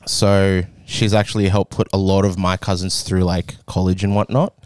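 A man's voice: low voice, flat delivery, moderate pace, darkish tone, clear, resonant tone, no room sound, clean studio sound. A young adult man co-hosting a podcast, telling a rambling family story in a casual chat, laughing often. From Australia. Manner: rambling, laughing, acts out quoted voices. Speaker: podcast co-host.

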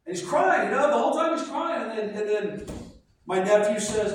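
A man preaching a sermon as pastor, animated and telling stories with voiced asides. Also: high-pitched, normal speed, a little hiss or hum. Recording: echoey hall from far off.

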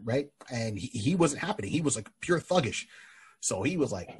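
A man's voice: mid-range voice, sing-song, moderate pace, darkish tone, breathy edge. A man hosting a podcast, casually and animatedly retelling a comic book story with many restarts. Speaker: podcast host. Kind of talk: casual chat.

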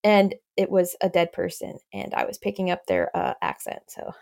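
A woman's voice: medium pitch, animated, moderate pace, creaky, darkish tone. A woman co-hosting a podcast, telling stories in a chatty way with casual cursing. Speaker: podcast co-host.

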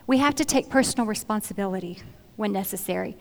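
A woman's voice: mid-range voice, fast talker, few pauses. A middle-aged woman giving an earnest, conversational Bible talk in a church, often repeating phrases as she searches for words. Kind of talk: sermon-style Bible teaching. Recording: long hall reverb.

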